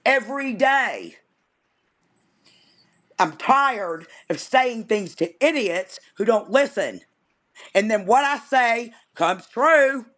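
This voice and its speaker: A woman's voice: on the high side, animated, takes it slowly, long pauses, a bit bright. A woman guest on a live stream, ranting in an angry, exasperated, vehement way. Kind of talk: impassioned ranting.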